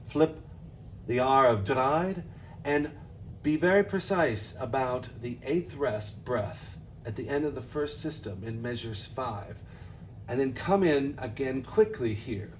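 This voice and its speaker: Slow-speaking male choir director. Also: medium pitch, a little mellow, recorded from a distance, a little hiss or hum. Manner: coaching, speaks phrases of the text slowly to model them. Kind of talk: rehearsal instruction.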